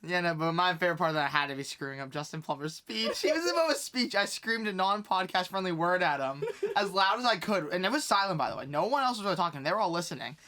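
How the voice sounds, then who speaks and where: Bright, fast, excitable young man. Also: sits high. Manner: rambling, excitable, full of fillers and laughs. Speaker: podcast host, wrestling fan. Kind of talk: casual chat.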